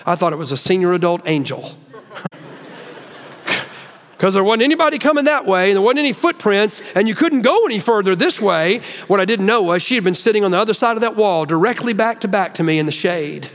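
High-voiced pastor in an echoing hall. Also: male voice, sing-song, a little fast, a bit bright. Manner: earnest, emotional storyteller. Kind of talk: sermon with personal storytelling. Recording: long hall reverb.

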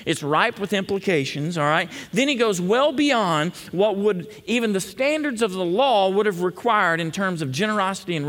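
A pastor preaching a conversational sermon in a church, often checking in with the congregation. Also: male voice, high-pitched, a bit bright. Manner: conversational, frequent "okay?" check-ins. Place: church sanctuary. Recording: long hall reverb.

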